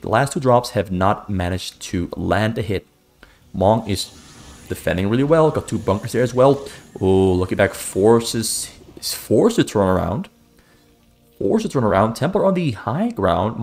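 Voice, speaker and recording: A man's voice: mid-range voice, darkish tone. Man casting a strategy game solo. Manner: brisk running commentary, repeats key phrases for emphasis. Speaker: esports caster. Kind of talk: solo play-by-play game commentary.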